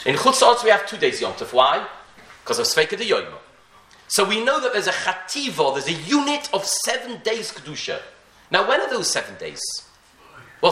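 A man gives a Talmudic lecture with a lively, swooping delivery. His voice is fairly high and bright, and it echoes through the room. He keeps posing questions to his listeners and often restarts his phrases. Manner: rhetorical questions, frequent restarts, Hebrew and Yiddish terms. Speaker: rabbi teaching a Torah class.

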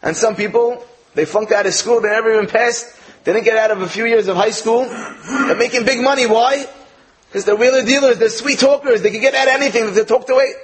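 A man giving an earnest inspirational talk, telling parables in an animated storytelling manner. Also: very high-pitched, a little fast, low-quality recording. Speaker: speaker.

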